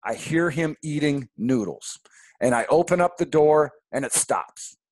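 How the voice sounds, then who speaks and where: A man in his forties hosting a podcast, telling a story in a candid, animated way. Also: fairly high pitch, unhurried, dry recording. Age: 40s. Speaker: podcast host. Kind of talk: casual storytelling monologue.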